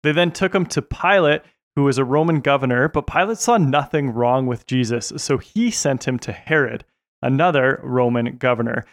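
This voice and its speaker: A man co-presenting a Bible story, narrating events in a steady, plain manner. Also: mid-range voice, normal speed, no echo, clean studio sound. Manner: steady, narrating, brief affirmations.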